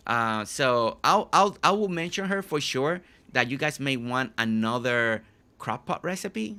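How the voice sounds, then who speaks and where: Guy streaming a building game, bright forceful voice, rambly and friendly with chat, keeps restarting his sentences. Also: on the high side. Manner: chatty, repeats and restarts phrases, thanks viewers. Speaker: live-stream host.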